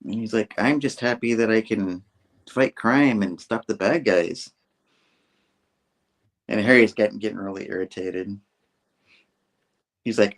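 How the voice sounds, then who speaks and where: Animated man retelling a comic. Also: a little slow, long pauses. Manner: acts out character lines with raised pitch. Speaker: comic book reviewer. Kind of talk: casual chat retelling a comic.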